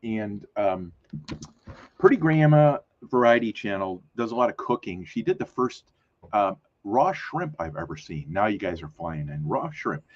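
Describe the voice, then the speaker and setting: A man's voice: on the low side, very animated, unhurried, dull audio. A man hosting a casual live stream, chatting in a rambling, self-correcting way with lots of fillers. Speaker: host of a weekly live community show.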